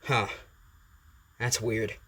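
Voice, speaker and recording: A man's voice: fairly low pitch, little pitch movement, extremely slow, pushed and bright, husky, exaggerated voice. A man voicing a casual, bemused doctor in a read-aloud fan story. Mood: puzzled. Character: doctor examining a boy, puzzled.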